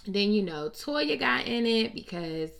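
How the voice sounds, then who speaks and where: A woman with a gravelly, fry-tinged voice runs through celebrity gossip in a casual, unscripted way. Her delivery is blunt, profane and sassy, with an animated bounce. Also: mid-range voice, measured pace. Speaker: host.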